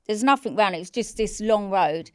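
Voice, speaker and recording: A woman in her 40s, an interview guest, shares an emotional personal story bluntly and candidly, swearing freely and acting out quoted shouts. Her mid-range voice is smooth and clear and her pace brisk. The close-miked recording is dry, with almost no room echo.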